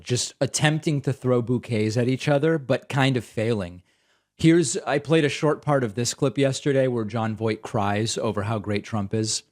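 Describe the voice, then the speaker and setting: A man's voice: medium pitch, normal speed, darkish tone. A man hosting a political talk show, giving sarcastic, incredulous commentary on news clips.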